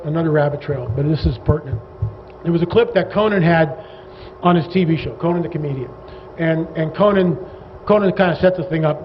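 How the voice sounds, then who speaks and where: Animated man, high voice, lecturing a crowd in a big reverberant hall, sarcastic and rambling. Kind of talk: lecture to a live audience. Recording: dull reverberant hall recording with faint noise.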